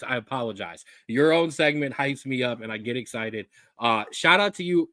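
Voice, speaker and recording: A man's voice: medium pitch, a bit bright, no echo, clean studio sound. A man co-hosting a casual sports chat show, talking in a fired-up, ranting way. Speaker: co-host.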